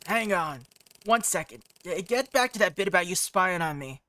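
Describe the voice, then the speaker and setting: A game streamer voicing a grumpy male detective who talks gruffly and sarcastically. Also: medium pitch, animated, normal speed, bright, forceful tone.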